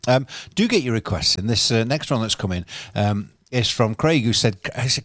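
A man's voice: medium pitch, expressive, normal speed, few pauses, a bit bright, dry recording, clean studio sound. A man hosting a rock radio show, chatty and rambling, a little self-deprecating. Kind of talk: casual radio DJ chat. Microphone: studio microphone.

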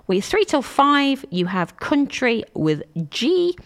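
Woman radio host, lively rambling chat. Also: sits high, slow. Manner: chatty, rambling, self-correcting. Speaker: local radio presenter.

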